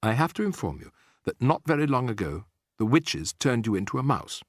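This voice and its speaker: A man's voice: medium pitch, big pitch swings, fairly quick, dry recording, clean studio sound. A man voicing a clever young boy who has been turned into a mouse and speaks earnestly and persuasively. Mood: matter-of-fact.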